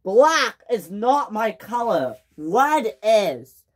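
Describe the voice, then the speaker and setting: A woman voicing a proud, hot-tempered young male engine who cries out in shrill accusations. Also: big pitch swings, very slow, full character voice. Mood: accusing.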